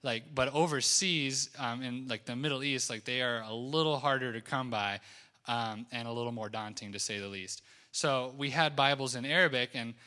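A man's voice: mid-range voice, normal speed, bright, forceful tone. A young man casually telling a mission-trip testimony, rambling with lots of fillers and laughing at his own story.

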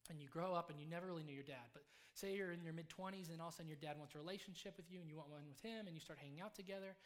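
A young adult man preaching a sermon in a conversational, storytelling way, dropping to soft, hushed tones for quiet moments. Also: fairly high pitch, racing.

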